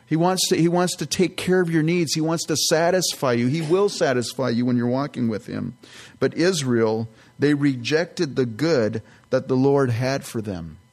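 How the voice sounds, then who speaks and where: A man's voice: mid-range voice, normal speed. A man teaching a sermon as a pastor, earnest and conversational, with casual asides between scripture readings.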